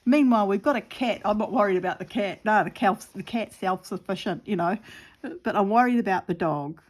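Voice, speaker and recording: A middle-aged woman chatting casually in a vlog, rambling and animated, acting out her pets and the birds. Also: lowish voice. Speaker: crafting vlogger.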